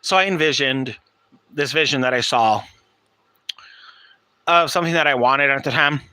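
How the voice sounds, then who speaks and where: A man's voice: mid-range voice, normal speed, sharp tone, no echo. A man hosting a podcast, telling a rambling personal story in a blunt, profane, casual way. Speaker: podcast host.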